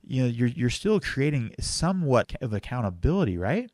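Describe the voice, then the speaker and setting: A man's voice: medium pitch, sing-song, moderate pace, a little mellow, no room sound. A man with a mid-range voice hosts a podcast and talks casually with his guest, reacting supportively. His voice is recorded dry and close. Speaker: podcast host. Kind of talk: casual conversational interview.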